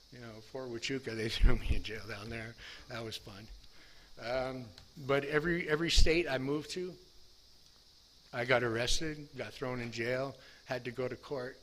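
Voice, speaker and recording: A man's voice: mid-range voice, fairly bright tone, a little hiss or hum. A middle-aged man telling his recovery story as personal testimony, candid and self-deprecating, full of restarts.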